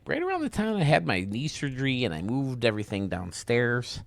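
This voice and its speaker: A young man hosting video game commentary, enthusiastic and casual, heaping quick praise on what he shows. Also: medium pitch, a bit bright, dry recording, studio quality. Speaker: host.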